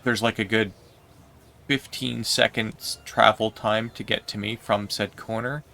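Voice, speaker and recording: Male streamer, low and gravelly, bright edge, rambling casual storyteller. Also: fairly even intonation. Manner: rambling, filler-heavy, unhurried. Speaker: livestreamer. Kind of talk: casual storytelling while gaming.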